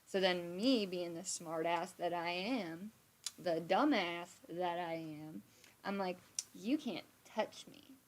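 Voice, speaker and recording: This young adult woman speaks slowly in a fairly low voice, with a little hiss or hum in the background. Streaming from her computer, she tells a story casually and with animation, swearing freely and acting out quotes.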